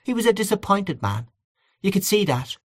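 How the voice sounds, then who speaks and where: A man doing a soft-spoken consoling aunt. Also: medium pitch, big pitch swings, moderate pace, pitched above the performer's own voice. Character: sympathetic middle-aged woman, the narrator's aunt.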